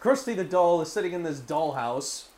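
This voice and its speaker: A man casually recapping a cartoon episode on a podcast, profane and animated, slipping into voices. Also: fairly high pitch, normal speed. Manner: profane, animated retelling with put-on quotes. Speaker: podcast co-host.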